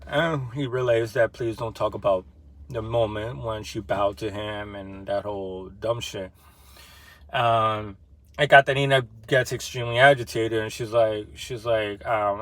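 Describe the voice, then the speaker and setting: A man's voice: on the low side, fairly even intonation, a little slow. A young man casually retelling a novel, loose and slangy, with lots of fillers and some swearing. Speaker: book discussion vlogger.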